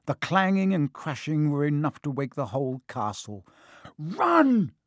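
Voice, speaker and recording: An audiobook narrator telling a story in an animated, expressive way. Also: moderate pace, no echo, clean studio sound. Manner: animated storytelling, varied pitch. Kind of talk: scripted narration.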